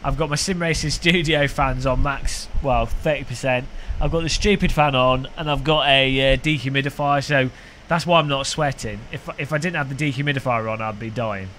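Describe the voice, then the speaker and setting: A man's voice: medium pitch, moderate pace, hardly any pauses, a bit bright, slight background noise. A man, chatting casually with viewers during a sim racing live stream from a basement room. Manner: rambling, chatty, answering viewers while driving.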